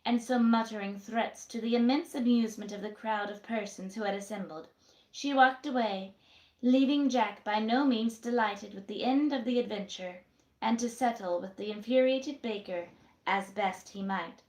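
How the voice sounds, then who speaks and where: A woman's voice: on the high side, darkish tone. Woman reading a classic novel aloud. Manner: measured reading with acted voices. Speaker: storyteller. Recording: roomy echo.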